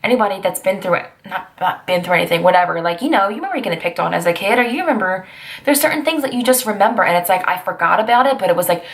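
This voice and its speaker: A woman's voice: medium pitch, expressive, rapid-fire. A woman in her twenties talking through personal memories in a chatty, rambling vlog, breaking into sassy asides along the way. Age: 20s. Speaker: vlogger.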